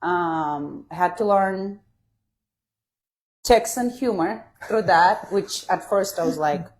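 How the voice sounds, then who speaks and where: A woman with a Russian accent talks as a guest in a relaxed interview. Her voice sits a little low, and she speaks reflectively, often trailing off softly with fillers. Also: slow pace. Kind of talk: casual conversational interview.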